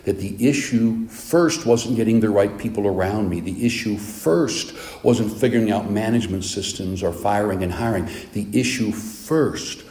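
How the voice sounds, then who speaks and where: His fairly low, mellow voice moves at a moderate pace with hardly any pauses. This relaxed male preacher delivers an animated, story-driven sermon, echoing through a roomy space.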